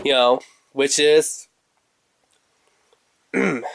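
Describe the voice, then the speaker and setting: A man in a casual unboxing review, talking in a rambling, animated way as he shows off a toy. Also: a little high, normal speed, dry recording. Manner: rambling, talkative, animated storytelling.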